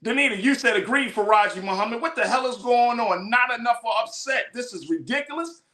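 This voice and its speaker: A man's voice: very high voice, animated, brisk, sharp tone. Male host, impassioned monologue, rousing preacher rhythm, echoey room. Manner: fired-up, preacher-like cadence, addresses viewers as folks. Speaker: talk show host. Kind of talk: impassioned live show monologue. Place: studio.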